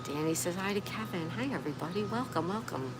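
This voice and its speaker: A fast-talking woman with a lowish voice runs a casual livestream, reading out what viewers write and answering them chattily. The audio carries a steady background noise and the occasional passing car.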